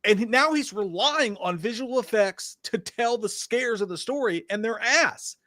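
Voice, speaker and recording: A man's voice: extremely high pitch, animated, normal speed, pushed and bright, dry recording, clean studio sound. A man co-hosting a live movie stream, ranting bluntly with heavy swearing. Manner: blunt, profane, heated ranting. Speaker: co-host. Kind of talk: casual live-stream chat.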